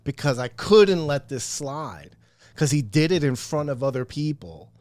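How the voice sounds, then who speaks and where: A man casually telling a story on a podcast, animated and profane, acting out what people said. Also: fairly high pitch, measured pace, dry recording. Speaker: podcast guest.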